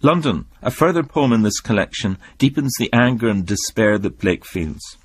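A man giving scripted documentary narration on poetry, with a measured and reflective delivery. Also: fairly low pitch, lively intonation, slightly rough, no echo. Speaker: literary commentator.

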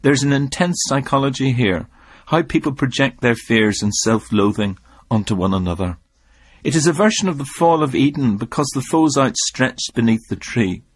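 Male documentary narrator for poetry commentary, mid-range voice, measured pace, dry close sound. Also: medium pitch, expressive, breathy edge, no echo. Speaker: literary commentator.

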